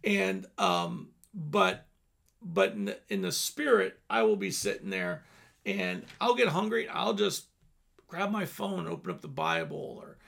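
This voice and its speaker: A man's voice: sits high, huge pitch swings, measured pace, creaky, a bit bright. A man in his fifties preaching an earnest sermon, dropping at times to near-whispers. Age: 50s. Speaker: pastor.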